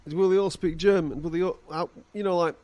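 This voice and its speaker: Teasing, somewhat high-voiced man co-host. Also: steady tone, fairly quick, a little mellow, muffled recording. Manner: teasing, playful banter. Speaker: podcast co-host. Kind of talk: casual chat.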